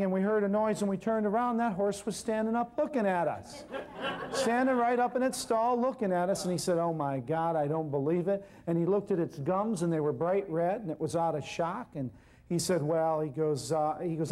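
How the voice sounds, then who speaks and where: High-voiced man telling a lively story. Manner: animated, acts out the people in his story. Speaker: herbal healer telling a story on stage. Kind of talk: storytelling lecture.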